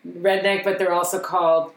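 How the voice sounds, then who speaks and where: A woman's voice: fairly low pitch, flat delivery, moderate pace. A woman from the northern US hosting a casual, joking reaction chat. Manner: chatty, joking. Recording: echoey room.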